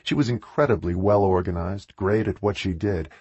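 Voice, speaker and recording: A man reading an audiobook in a measured, expressive way. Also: sits low, slightly rough, dry recording, muffled recording. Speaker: audiobook narrator. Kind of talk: audiobook narration.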